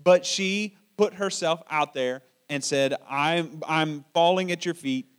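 A man with a notably high-pitched voice delivering a sermon. He talks in a relaxed, conversational way, often stumbling and repeating words while he finds his phrasing. He sounds middle-aged and paternal. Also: slow, clear, resonant tone. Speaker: pastor.

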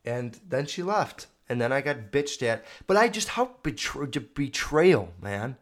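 Young man, podcast host, casual storytelling, swears a lot, mid-pitched voice, keeps correcting himself. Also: sing-song, measured pace. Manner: rambling, profane, self-correcting. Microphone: video podcast mic.

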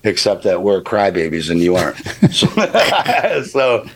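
A man's voice: on the low side, wildly swooping pitch, slow, slight background noise. A man guest talking passionately and emotionally, swearing freely and getting choked up as he speaks. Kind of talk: emotional casual talk.

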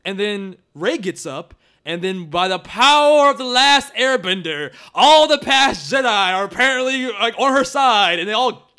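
High, lively young guy for a snarky casual film rant with lots of swearing. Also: normal speed, smooth. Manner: animated, sarcastic, swears often, acts out quotes. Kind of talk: casual movie discussion.

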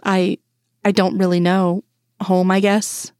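A woman's voice: medium pitch, flat delivery, slow pace, darkish tone, dry recording, studio quality, lightly acted. A woman voicing a wry grown man, a teasing FBI agent, in a fan story reading. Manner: teasing, laughing.

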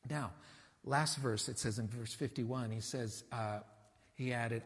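Husky-voiced preacher in an echoing hall. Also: male voice, mid-range voice, moderate pace. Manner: conversational, animated preaching with rhetorical questions. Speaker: pastor. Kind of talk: sermon.

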